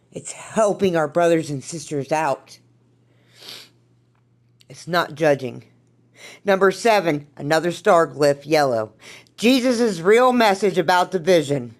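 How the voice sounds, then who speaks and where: A woman with a fairly low, darkish voice hosts a podcast, offering an earnest spiritual self-help talk grounded in her own recovery. She's candid and blunt about it, with occasional swearing.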